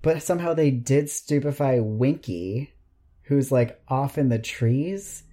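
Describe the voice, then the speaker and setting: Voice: medium pitch, lively intonation, takes it slowly, warm tone. A podcast co-host with an American accent in casual chat, talking in a wry, frank and talkative way.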